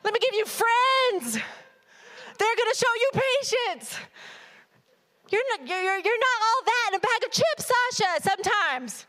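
Woman preacher doing God in a sermon: patient, loving, teasing, high voice. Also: very animated, measured pace, sharp tone, full character voice. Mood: coaxing. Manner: coaxing, affectionate and teasing.

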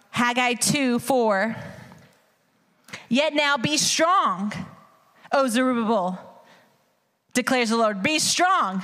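A woman preaches an energetic sermon in a high, bright voice. She is animated and hyped, calling the congregation y'all. Her voice rings through a long hall reverb.

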